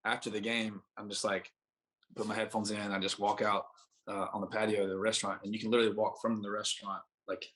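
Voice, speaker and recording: A young man's voice, lowish and fairly bright with little pitch movement, moves at a quick pace. He's a baseball pitcher guesting on a podcast, rambling through a long, casual story in a laid-back way, with "like" in almost every sentence as he backtracks and restarts.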